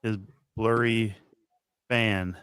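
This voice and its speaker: A man's voice: on the low side, steady tone, drawn-out words, a bit bright, smooth, dry recording, studio quality. A man from Minnesota co-hosting a casual wrestling podcast over a video call, sarcastic and profane. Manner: sarcastic, profane, self-deprecating. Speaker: podcast co-host. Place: home, streaming live.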